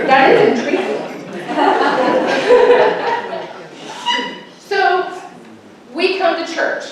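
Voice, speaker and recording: A woman from Utah giving a casual, humorous farewell speech to a church gathering, animated and self-mocking, laughing often. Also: high-pitched, unhurried, pauses often. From Utah, United States. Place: church hall in front of a gathering. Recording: echoey hall, distant mic, faint hiss.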